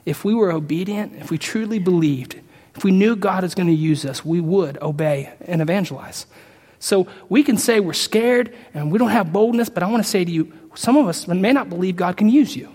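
A man preaching a sermon as pastor, talking casually to his congregation and building to loud, emphatic peaks. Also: high-pitched, normal speed. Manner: conversational asides to the congregation. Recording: long reverb of a large hall.

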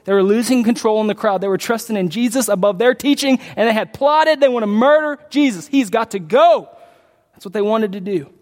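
A man preaching a sermon as pastor, impassioned, rising to loud peaks and dropping to quiet pleas. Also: high voice, a little fast. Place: large church sanctuary. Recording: long hall reverb.

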